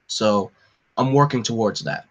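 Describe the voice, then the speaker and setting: A man's voice: fairly low pitch, lively intonation, unhurried, slightly rough. A young man hosting a live comic reading, talking casually and hesitantly with fillers. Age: young adult. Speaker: host reading a comic aloud.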